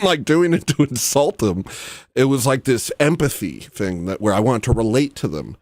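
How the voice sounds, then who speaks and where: A man's voice: medium pitch, animated, brisk, a little mellow, no echo. A man hosting a livestream, rambling and joking in a self-mocking, comedic rant. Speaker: livestream host.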